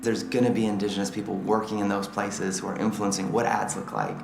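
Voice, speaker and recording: A man's voice: on the low side, flat delivery, brisk, vocal fry, background noise. A man giving an earnest, hopeful award acceptance speech in a hotel ballroom, speaking conversationally to the room. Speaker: award recipient. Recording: echoey ballroom with music.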